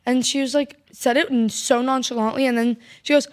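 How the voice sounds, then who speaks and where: A young woman co-hosting a podcast, chatting casually and telling stories in an animated way, acting out other people's voices. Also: a little high, quick pace, few pauses. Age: young adult. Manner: animated storyteller, mimics voices. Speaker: podcast co-host. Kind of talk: casual chat.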